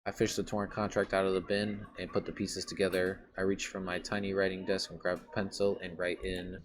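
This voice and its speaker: Low-voiced male gamer narrating a horror visual novel, dramatic with loud outbursts. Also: flat delivery, a little fast, few pauses, slight background noise. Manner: dramatic, blurts out loud swearing, trails off into asides. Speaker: gaming YouTuber. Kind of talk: reading a horror visual novel aloud with commentary.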